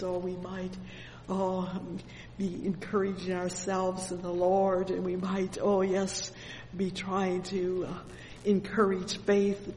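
A woman preaches slowly and fervently, pausing to exclaim praise between phrases. Her voice rings through a large reverberant hall with a faint hum of ambient noise behind it. She speaks at a middle pitch. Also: warm tone. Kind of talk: sermon.

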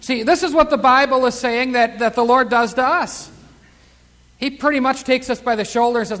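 High-voiced fervent preacher man. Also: normal speed, a bit bright, long reverb tail. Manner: fervent preaching, surging emphasis on key words. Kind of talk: sermon.

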